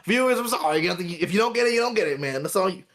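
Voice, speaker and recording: Man, podcast co-host, animated storyteller, fairly high voice. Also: very fast. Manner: animated, acts out customers' voices, swears a lot. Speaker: resort cashier telling a work story. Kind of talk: casual storytelling chat.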